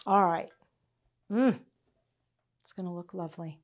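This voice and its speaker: In her workshop, a middle-aged tailoring instructor talks a little slowly in a lowish voice. Her teaching is relaxed and full of anecdotes, with frequent laughter and check-ins like "all right?" and "okay?"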